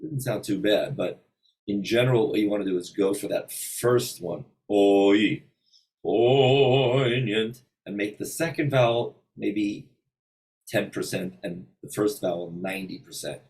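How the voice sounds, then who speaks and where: A man giving an informal singing lesson in a hotel room, thinking aloud with many pauses and breaking into short sung examples. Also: fairly low pitch, vocal fry, a little mellow, recorded from a distance, rough recording. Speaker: voice teacher.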